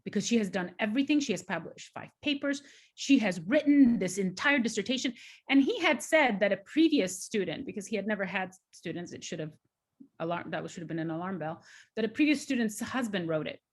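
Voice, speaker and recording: A woman in her forties speaks as an interview guest, recounting her working life. Her delivery is emphatic and grows animated when she is excited. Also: mid-range voice, fairly quick. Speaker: guest scientist. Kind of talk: conversational interview storytelling.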